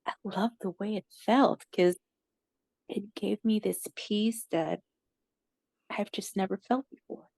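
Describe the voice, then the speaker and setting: A woman telling a personal story in a halting way, with many "like" fillers and moments where she loses her words. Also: mid-range voice, gravelly, darkish tone, dry recording. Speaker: interviewee recounting a near-death experience.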